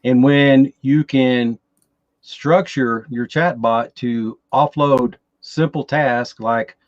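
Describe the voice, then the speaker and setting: A man with a Texan accent, a guest on a podcast, explaining things in a halting way and often repeating his words. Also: medium pitch, steady tone, dry recording, lo-fi sound. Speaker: podcast guest, chatbot enthusiast. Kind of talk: casual interview talk.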